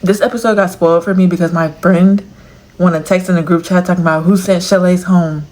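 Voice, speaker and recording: A young woman chatting casually to camera in a crochet vlog, slangy and animated as she reacts to a TV show. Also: on the low side, brisk, low-quality recording. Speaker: crochet vlogger. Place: home, indoors.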